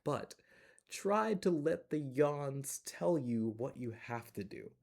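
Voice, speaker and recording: Male children's storyteller, warm mellow voice, bouncy chatty reading. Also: medium pitch, slow pace, gravelly. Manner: animated, chatty asides to young listeners. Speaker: library storyteller. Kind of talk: reading a children's picture book aloud.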